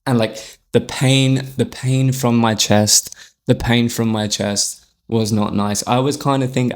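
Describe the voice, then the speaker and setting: Young man, low-pitched, rambling and sweary, candid podcast storytelling. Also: fairly even intonation, moderate pace. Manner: chatty, rambling, sweary, lots of "like". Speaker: podcast host.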